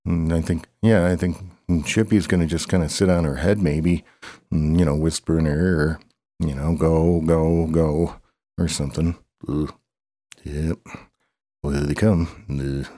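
A man improvising a playful story, rambling and excitable, with grunts, humming and race-call cheering. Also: rumbling low, unhurried, long pauses, dry recording, studio quality.

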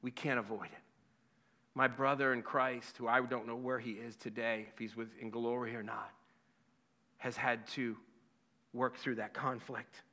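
A man in his fifties preaching a sermon, emphatic and impassioned, then dropping to a hushed voice for a personal story. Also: mid-range voice, little pitch movement, unhurried. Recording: long hall reverb.

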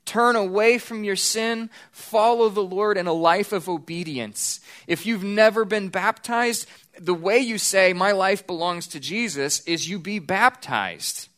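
Pastor guy preaching in church, kinda high voice, earnest, drags out the big points. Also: fairly bright tone. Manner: earnest, slows down to stress key points. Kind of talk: sermon.

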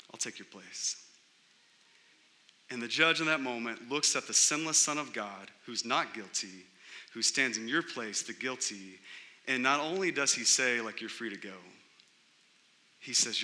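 Male pastor, sermon delivery, slightly high and very bright voice, repetitive emphatic phrasing. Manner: preaching with pauses and emphatic repetition. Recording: long hall reverb.

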